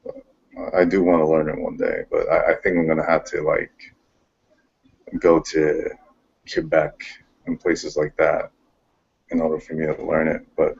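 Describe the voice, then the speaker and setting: A man's voice: extremely low pitch, monotone, measured pace, pauses often, darkish tone. A man in casual chat who talks hesitantly, with many ums and restarts. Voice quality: gravelly and husky. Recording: dull lo-fi recording.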